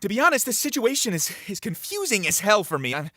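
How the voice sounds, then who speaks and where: A man plays an earnest young team leader who stammers when flustered. His voice is high with lively pitch swings, recorded dry and close. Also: fast talker, dry recording, heavily acted.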